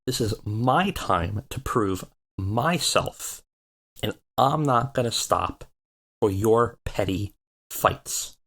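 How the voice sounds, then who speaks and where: A man puts on a self-assured young wrestler turning down his boss. The voice is lowish, slow and cold, each refusal drawn out. It reads like a let's play of a wrestling game. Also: expressive, fairly bright tone, heavily acted. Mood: defiant. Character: cocky young male wrestler, defiant.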